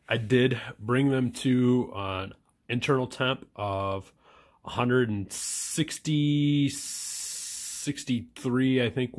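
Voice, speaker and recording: A man hosting a casual home cooking vlog, talking through his process in a relaxed way with many fillers and restarts. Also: on the low side. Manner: talks while chewing at times. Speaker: home cook and channel host.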